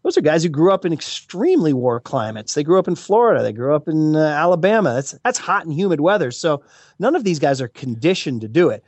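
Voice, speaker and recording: Man, guest commentator, rambling, excitable, high-ish voice, dry recording. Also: quick pace, no echo. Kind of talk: casual podcast chat.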